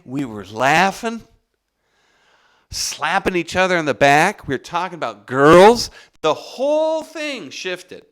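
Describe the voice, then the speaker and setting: A man, the podcast's host, telling a long story in a rambling, profane, casual way. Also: medium pitch. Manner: rambling, profane, animated, with restarts.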